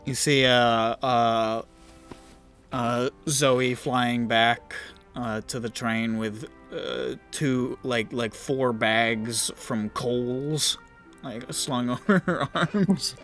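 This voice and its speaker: Bright-voiced, laughing game master. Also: male voice, mid-range voice, steady tone, faint music behind. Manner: giggly, halting narration full of fillers. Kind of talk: narrating a tabletop game.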